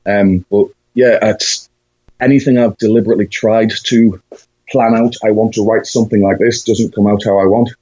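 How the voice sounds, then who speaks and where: A husky, breathy man with a lowish voice, answering interview questions as a musician. He talks reflectively, pausing on fillers and restarting his thoughts. The sound is dry and dull, like a lo-fi recording. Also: fairly even intonation, darkish tone, dry recording. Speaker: musician guest.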